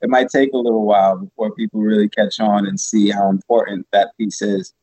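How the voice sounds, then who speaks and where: A man's voice: fairly low pitch, fairly even intonation, fairly quick, warm tone, no echo, poor audio. A man being interviewed as a guest author and poet, talking casually with many fillers and restarts.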